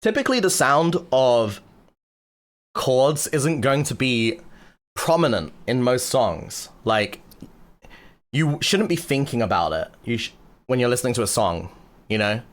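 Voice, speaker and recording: A man's voice: medium pitch, lively intonation, a little slow, long pauses. Crude joking male streamer. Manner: joking, crude and swearing, filler-heavy. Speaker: streamer teaching music production. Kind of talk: casual livestream chat.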